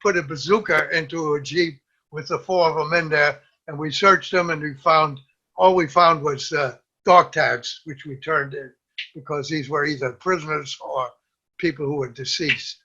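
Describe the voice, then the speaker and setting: An older man, a war veteran, telling an animated story and quoting others in a lifted voice. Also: fairly high pitch, moderate pace, breathy edge. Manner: lively storyteller, quotes others in raised voice, laughs at own tale. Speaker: WWII veteran guest. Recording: dull lo-fi audio.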